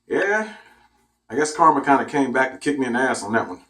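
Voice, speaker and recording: A man's voice: mid-range voice, brisk, distant mic, noisy background. A man who drives for a rideshare service tells a comedic story in an exaggerated, profane way. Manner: animated, profane, exaggerated retelling. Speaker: rideshare driver telling stories.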